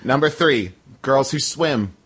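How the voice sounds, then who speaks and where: A man reads through a listicle on a comedy podcast in a dry, deadpan way. His voice sits at a middle pitch but swings widely as he goes. The delivery is steady and conversational. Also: slow, husky. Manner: deadpan list reading, breaks into laughter. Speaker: podcast co-host. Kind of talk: comedic podcast, reading listener submissions aloud.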